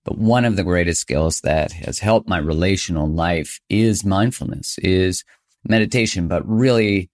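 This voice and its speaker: A man's voice: deep voice, moderate pace, a little mellow. A man hosting his own podcast, talking in a chatty, self-joking way and laughing often. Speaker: podcast host. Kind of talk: casual podcast monologue.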